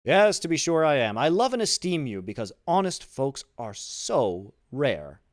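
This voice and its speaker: A man's voice: mid-range voice, big pitch swings, measured pace, no room sound, clean studio sound, pitched above the performer's own voice. A man voicing a greedy, fawning young tailor who talks in an ingratiating, insistent way. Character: greedy fawning neighbor, male tailor in his twenties.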